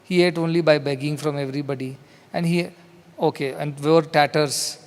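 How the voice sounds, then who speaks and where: Speaking on the high side with fairly even intonation at normal speed, a spiritual teacher with an Indian English accent addresses a large hall, his voice trailing a long reverb. His discourse is conversational, and he voices the dialogue within his stories.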